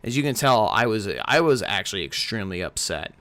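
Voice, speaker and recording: A man's voice: on the low side, expressive, brisk, a bit bright, no echo. A man giving a casual, exasperated game review, ranting and swearing freely into a close home mic.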